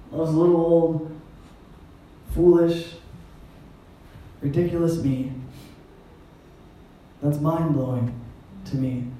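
A man's voice: fairly high pitch, mellow, slight background noise. A man preaching a sermon as pastor, in a conversational style with wry, self-deprecating asides. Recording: echoey hall, mic at a distance.

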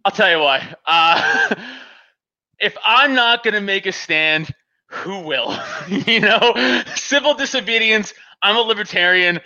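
Male podcast co-host, high bright voice, laughs and swears as he tells the story; slightly dull lo-fi sound. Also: takes it slowly. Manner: laughs often, swears freely, animated. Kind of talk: casual profane storytelling.

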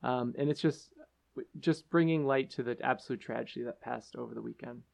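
A man with a gravelly, creaky voice co-hosts a casual podcast. He speaks in an earnest, halting way, with plenty of ums and uhs. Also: mid-range voice, darkish tone. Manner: earnest, halting with many fillers. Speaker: podcast co-host.

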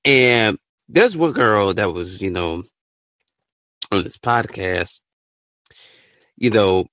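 A man hosting a podcast, ranting his opinion in an animated, profane way and bursting into shouts. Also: lowish voice, slow, no echo. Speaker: podcast host.

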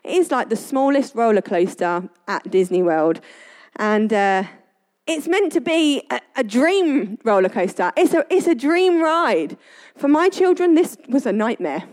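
A woman's voice: fairly high pitch, very animated, unhurried, a little mellow. A woman giving a casual devotional talk, telling family stories in a chatty way and often laughing. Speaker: Christian speaker.

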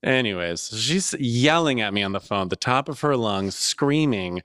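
Podcast co-host, male, lively storyteller, clear dry studio sound. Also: mid-range voice, normal speed, no echo. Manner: animated, acts out both sides of a phone call. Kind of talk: casual storytelling chat.

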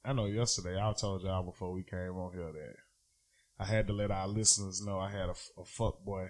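A man co-hosting a casual podcast, telling a story in a loose, profane and animated way. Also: deep voice, a little fast. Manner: profane, animated storytelling, loud when riled. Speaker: podcast co-host.

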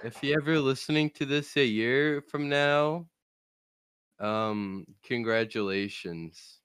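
A young man from Louisiana, a guest on a casual podcast, talking in halting bursts with restarts. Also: mid-range voice, a bit bright, clear, resonant tone, no echo, clean studio sound.

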